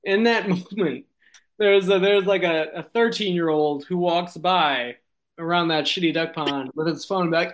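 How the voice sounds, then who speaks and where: A man's voice: on the high side, moderate pace, fairly bright tone. A man improvising a silly comic story, rambling and giggling, with lots of ums and restarts. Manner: rambling, giggly, many fillers.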